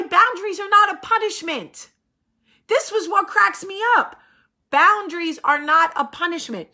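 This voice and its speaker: A woman's voice: high voice, bright, forceful tone. A woman host in her thirties, coming down with a cold, talking bluntly and acting out quoted voices in casual chat.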